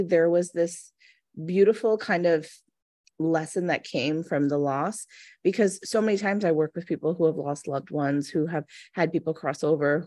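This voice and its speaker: A woman in her thirties with a low, darkish voice is recorded in clean studio sound with no echo. A manifestation coach, she tells a personal story in a casual interview, earnest and chatty, acting out quoted voices.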